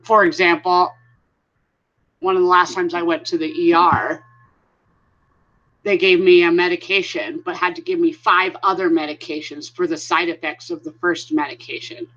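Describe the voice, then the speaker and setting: Bright-voiced woman chatting on a live stream. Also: lowish voice, fairly even intonation, moderate pace. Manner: chatty, greets viewers by name. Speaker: vlogger hosting a live stream. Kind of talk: casual live-stream chat. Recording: dull lo-fi sound.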